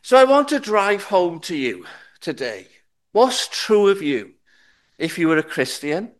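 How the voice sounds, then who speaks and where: Slow, deliberate male preacher. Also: sits high, very animated. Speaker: pastor. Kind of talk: sermon.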